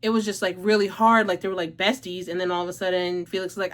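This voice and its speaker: A woman's voice: lowish voice, flat delivery, quick pace, fairly bright tone. A woman hosting a casual book review vlog, gushing and emotional, peppering her talk with "like" and swearing, a little out of breath. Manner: gushing, emotional, heavy use of "like", profanity, laughs a lot. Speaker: book reviewer and channel host.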